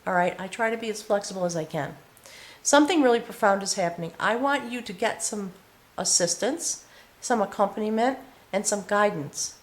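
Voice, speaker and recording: Woman, tarot reader, earnest, emotional, direct address, mid-pitched voice, indoors. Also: animated, normal speed. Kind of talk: intimate spiritual tarot reading to camera.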